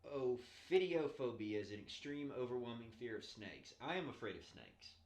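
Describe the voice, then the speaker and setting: A man's voice: medium pitch, expressive, normal speed. A man co-hosting a podcast, talking casually in a blunt, profane, joking way. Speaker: podcast co-host. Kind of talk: casual chat. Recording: echoey room.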